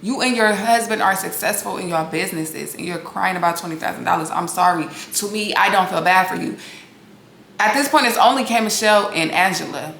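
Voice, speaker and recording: A woman's voice: fairly low pitch, a little fast, vocal fry, fairly bright tone. A woman hosting a reality TV recap, talking casually to her viewers in a blunt, sassy and profane way. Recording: echoey room with faint noise.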